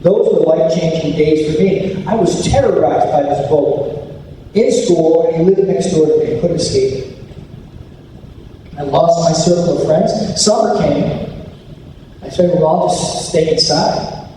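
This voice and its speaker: A man's voice: fairly high pitch, unhurried, long pauses, noisy background. A man giving an anti-bullying talk at a school assembly, telling a personal story and acting out the quotes. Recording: echoey hall recorded from far off.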